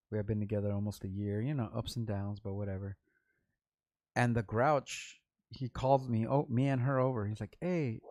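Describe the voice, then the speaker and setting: A man's voice: on the low side, a little mellow, dry recording, highs cut off. A middle-aged man from Los Angeles, a rapper hosting his own vlog, telling a long, rambling, profane story in casual talk and repeating himself. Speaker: vlog host, underground rapper.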